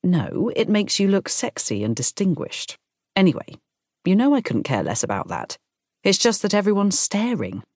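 A woman voicing a warm young woman who speaks brightly, teasing and reassuring. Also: mid-range voice, sing-song, normal speed, dry recording, clean studio sound, pitched above the performer's own voice. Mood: teasing, soothing.

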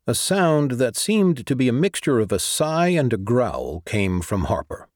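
A man narrating a science fiction audiobook in an even storytelling delivery. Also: medium pitch, a little slow, few pauses, dry recording, studio quality. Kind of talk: scripted narration.

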